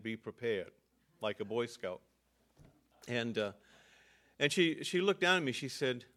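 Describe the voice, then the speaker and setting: A man's voice: mid-range voice, a bit bright. Older man preaching a personal story. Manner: storytelling, halting restarts, earnest. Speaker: pastor.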